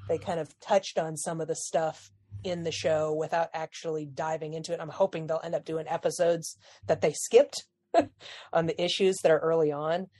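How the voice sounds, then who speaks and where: A woman's voice: sits low, level tone, moderate pace, warm tone. A woman co-hosting a podcast in casual chat, talking freely, laughing often and trailing off mid-sentence. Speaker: podcast co-host.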